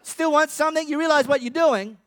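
A man's voice: very high-pitched, a little fast, fairly bright tone, no echo, studio quality, voice pushed up. A man voicing a blunt, scolding poor widow. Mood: sarcastic. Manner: sarcastic, scolding.

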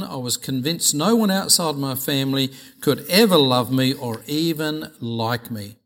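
A man preaching a sermon with personal testimony, earnest and measured, often repeating phrases. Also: fairly high pitch, a bit bright.

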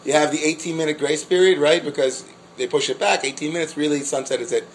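A man teaching a class as a rabbi, telling a story in an animated, halting way with many restarts and laughs. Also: a little high, a little hiss or hum, rough recording. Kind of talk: storytelling lecture.

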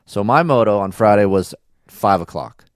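Low-voiced laid-back podcast man. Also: expressive, normal speed, no echo, studio quality. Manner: laid-back storytelling with slang. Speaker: podcast host. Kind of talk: casual chat.

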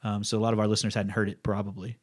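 A man in his thirties co-hosting a podcast in casual chat, an animated storyteller who acts out the people in his stories. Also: fairly low pitch, rapid-fire. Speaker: podcast co-host.

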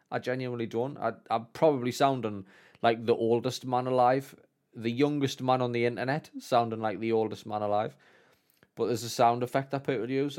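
A man's voice: medium pitch, darkish tone. Sweary man in his thirties. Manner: sweary, rambling, self-mocking storyteller. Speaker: podcast co-host. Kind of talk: casual chat.

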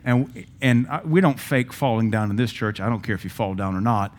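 A man's voice: fairly low pitch, fairly quick. A male pastor preaching a sermon in a church sanctuary, conversational and emphatic, with self-deprecating asides.

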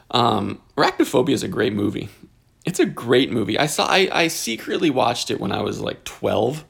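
A man's voice: mid-range voice, very animated, moderate pace, creaky, fairly bright tone, husky. A man in his forties hosting a podcast, talking in a casual, jokey way that wanders into tangents. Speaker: podcast host. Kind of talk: casual rambling podcast monologue.

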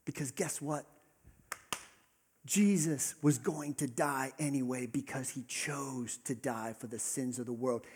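A man preaching a sermon as pastor, earnest, rising to emphatic peaks and dropping to soft asides. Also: medium pitch, a little slow, breathy edge. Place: church hall with congregation. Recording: long reverb of a large hall.

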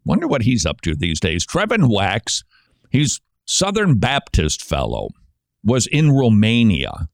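A man hosting a Christian radio show, giving sarcastic commentary and breaking into mocking shouted impressions. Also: lowish voice, huge pitch swings, a little slow, vocal fry, dry recording, studio quality.

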